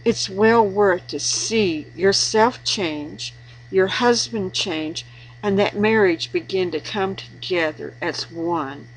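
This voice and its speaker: Woman, devotional vlogger, slow, husky, earnest marriage advice. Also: medium pitch, low-quality recording. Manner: slow, earnest, preachy, with emphatic repetition. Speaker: Christian video blogger giving marriage advice. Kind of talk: informal devotional talk to camera.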